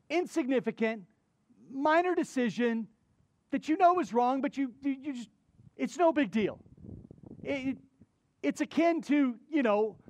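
A male pastor delivering a sermon in a conversational, animated style, retelling a story with asides to the congregation. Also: very high-pitched, no echo.

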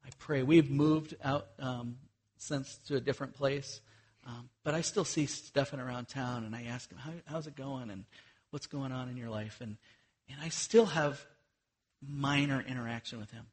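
Husky-voiced man preaching earnestly. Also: medium pitch, moderate pace. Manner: earnest, conversational with many fillers and restarts. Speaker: missionary preacher. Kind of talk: sermon.

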